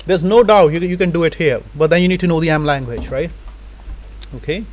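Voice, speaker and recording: A man teaching a live software tutorial in a casual lecturing manner, often checking in with "right?" and "okay?". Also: on the high side, a little fast, low-quality recording.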